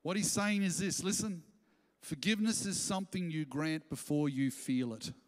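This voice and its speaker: A man preaching a sermon as pastor, animated and acting out quoted voices as he speaks. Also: on the high side, moderate pace. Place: church auditorium. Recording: long church reverb.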